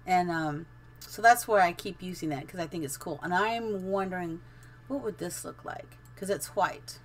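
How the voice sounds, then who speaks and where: A woman's voice: fairly low pitch, moderate pace, slight background noise. A middle-aged woman casually commenting on her live-streamed building game, chatty and giggly, thinking aloud as she goes.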